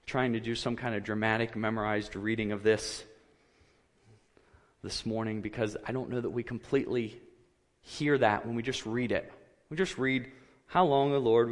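A man preaching a sermon, earnest and measured, his voice rising when he quotes cries of anguish. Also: fairly high pitch, long reverb tail. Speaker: pastor.

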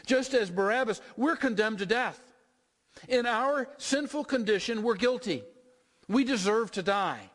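A man's voice: very high voice, expressive, a little slow, a bit bright, in a large hall. A man preaching a sermon, retelling a scripture scene in vivid second-person storytelling with repeated build-ups.

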